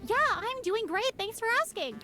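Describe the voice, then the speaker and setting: High, anxious young pizza girl. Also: very animated, brisk, music in the background. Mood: nervous. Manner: nervous, rambling, self-deprecating jokes. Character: timid young woman pizza-shop worker, anxious and awkward. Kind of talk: video game voice acting.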